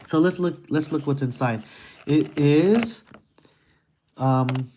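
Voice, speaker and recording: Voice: medium pitch, slow, a little mellow, a little hiss or hum. Goofy rambling puzzle-game streamer. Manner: goofy, rambling, crude wordplay jokes; reads game text aloud. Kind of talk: casual puzzle walkthrough.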